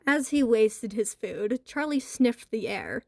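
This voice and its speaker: A woman narrating a horror story in a lively, expressive way with a wry edge. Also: a little high, takes it slowly, creaky, dry recording, clean studio sound.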